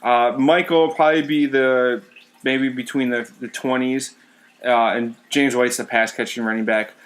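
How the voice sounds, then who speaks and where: A man co-hosting a podcast in casual chat, relaxed and stumbling through fillers. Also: mid-range voice, normal speed. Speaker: podcast co-host.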